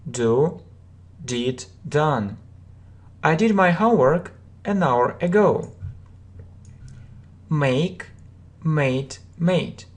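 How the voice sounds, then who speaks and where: A woman's voice: deep voice, a little mellow. A woman teaching English, reading out verb forms and example sentences and explaining them patiently, with frequent "you know" and "uh" fillers.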